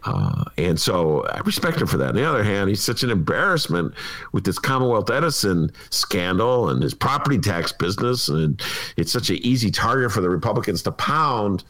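A man, co-hosting a casual political talk show, animated and quick to laugh. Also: on the low side. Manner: animated, laughing, mimics people mid-story. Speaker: co-host, columnist.

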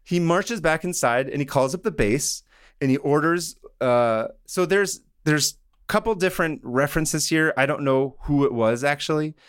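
A man co-hosting a podcast, telling a story in a casual, animated, joking way. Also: a little high, normal speed, clean tone. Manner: animated, joking, drops into voices. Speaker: podcast co-host.

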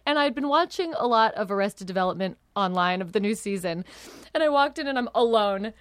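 A woman guest on a podcast, telling stories in animated casual chat with lots of filler words. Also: medium pitch, a little fast, no echo, clean studio sound. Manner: chatty, animated storytelling with many fillers.

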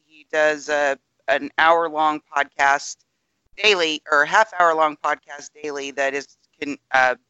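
A man co-hosting a podcast, explaining political news in a measured, careful way with some hesitations. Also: on the high side, fairly even intonation, bright, forceful tone, smooth, no echo, dull audio. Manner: measured, explanatory, hedging with ums. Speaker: podcast co-host. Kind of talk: casual political chat.

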